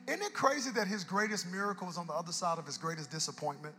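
A man preaching a sermon to a live congregation, dropping to hushed whispers and then rising to shouted, half-sung exhortation, sometimes acting out people in comic voices. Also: sits high, fast talker, big-room sound, slight background noise. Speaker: guest preacher. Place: church service with live congregation. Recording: music playing under the sermon.

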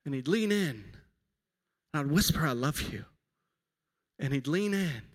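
A man's voice: fairly high pitch, animated, measured pace. Conversational male pastor in a reverberant hall. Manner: conversational, self-deprecating preaching with personal stories. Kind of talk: sermon. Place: church sanctuary.

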